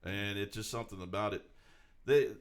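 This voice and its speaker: A man, co-hosting a casual chat show, rambling and animated with lots of restarts. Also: lowish voice, a little fast. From Tennessee. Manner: rambling, animated, puts on voices. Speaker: podcast co-host.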